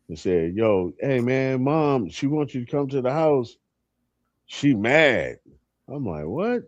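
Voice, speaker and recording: A man's voice: on the low side, darkish tone, no room sound, lo-fi sound. A man telling a crude, funny story in casual chat on a live stream, breaking into laughter.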